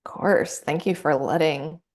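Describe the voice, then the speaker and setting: A woman practitioner guiding a client through a somatic coaching session, gentle and encouraging. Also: deep voice, a little slow. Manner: gentle, encouraging, acts out inner voices.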